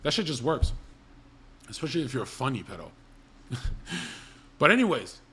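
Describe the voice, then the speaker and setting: A man's voice: mid-range voice, big pitch swings, moderate pace, a bit bright. A young man hosting a livestream, telling crude comedic stories in a blunt, rambling, profane way. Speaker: livestream host.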